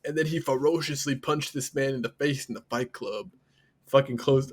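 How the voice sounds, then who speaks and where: A man's voice: mid-range voice, steady tone, a little slow. A young man co-hosting a podcast, teasing his friend in profane, laughing casual chat. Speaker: podcast co-host.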